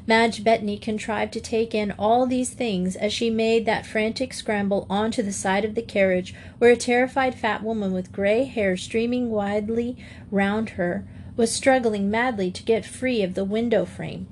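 A woman reading a classic children's novel aloud as an audiobook narrator, in a steady storytelling manner. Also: mid-range voice, normal speed, a little hiss or hum. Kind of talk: scripted narration.

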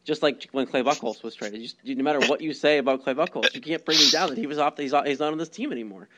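A man's voice: medium pitch, fast, heavy background noise. Rambling male sports podcast host. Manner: rambling, lots of ums and restarts. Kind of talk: casual sports chat.

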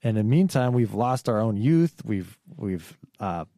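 A man's voice: lowish voice, expressive, measured pace, dark tone, dry recording, clean studio sound. A man co-hosting a podcast discussion, talking earnestly with frequent fillers and restarts. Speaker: podcast co-host.

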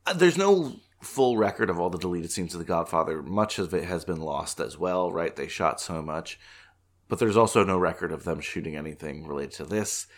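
A man's voice: low-pitched, animated, normal speed. A man co-hosting a podcast, chatting casually and laughing often. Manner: laid-back, laughs often, does mock accents in quotes. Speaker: podcast co-host. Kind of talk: casual chat. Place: home.

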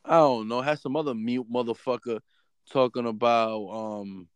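A man co-hosting an uncensored podcast, telling stories in loud, profane banter. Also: medium pitch, normal speed, clean tone, dry recording. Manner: animated, profane storytelling. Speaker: podcast co-host.

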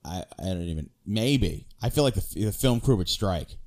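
A man co-hosting a comedy podcast, ribbing a caller in quick, deadpan banter. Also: deep voice. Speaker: podcast co-host.

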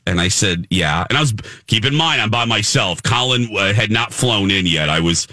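A man hosting a casual morning radio show, telling an animated story and acting out the voices of the people in it. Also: lowish voice, normal speed, no room sound, studio quality. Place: radio studio. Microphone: studio microphone.

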